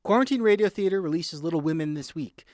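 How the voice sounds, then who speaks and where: Lively male radio reporter, dry sound. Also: a little high, fast talker, no room sound. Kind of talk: scripted news report.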